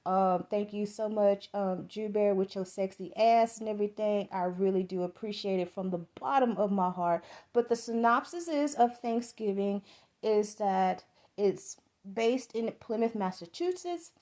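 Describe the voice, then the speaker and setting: A woman's voice: mid-range voice, steady tone, a little slow, warm tone. A middle-aged woman from the American South with a Southern accent, giving a rambling, profane, enthusiastic movie review as a podcast host.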